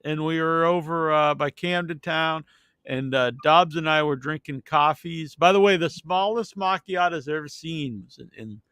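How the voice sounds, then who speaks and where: Rambling higher-voiced man telling stories. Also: normal speed, fairly bright tone, clear, resonant tone, no room sound, studio quality. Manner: rambling anecdotes with many restarts. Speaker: podcast host. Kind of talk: casual chat, storytelling.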